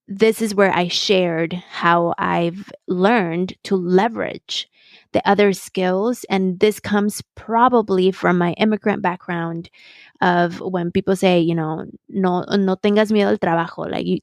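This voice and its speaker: A woman hosts her own podcast, thinking aloud in a measured, reflective way. She slips Spanish words into her English sentences. Her voice sits in the middle of the range and sounds dry and close. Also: mid-range voice, dry recording. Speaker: podcast host. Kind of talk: reflective solo podcast talk.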